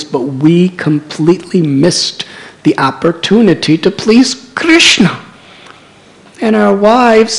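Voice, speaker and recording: Man voicing ashamed priests crying out high. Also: gravelly, full character voice. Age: 60s. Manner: raised, pleading outcry. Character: remorseful learned male temple priests, ashamed.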